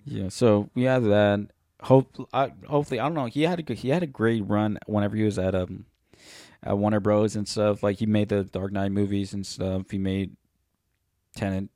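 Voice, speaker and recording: A man's voice: fairly low pitch, fairly even intonation, normal speed, dark tone, no echo, clean studio sound. A man co-hosting a podcast in loose, rambling casual chat, swearing often. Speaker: podcast co-host.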